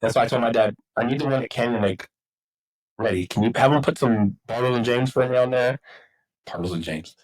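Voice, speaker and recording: A middle-aged man from Texas swaps stories in a relaxed podcast chat. He rambles, swears freely and acts out the lines of the people in his tales, and his pitch sits in the ordinary middle range. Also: a little fast, low-quality recording. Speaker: podcast guest, football coach. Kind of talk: casual storytelling.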